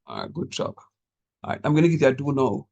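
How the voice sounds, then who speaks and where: A man teaching a calculus class, encouraging his students and repeating key steps slowly so they follow. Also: medium pitch, huge pitch swings, gravelly, a little mellow, muffled recording. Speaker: calculus lecturer. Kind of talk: online math lecture.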